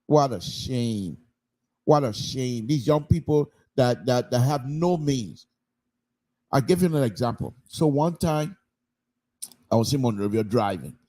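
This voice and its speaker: A man, commenting on public radio through animated anecdotes and repeated phrases for emphasis. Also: mid-range voice. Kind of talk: call-in style public affairs talk.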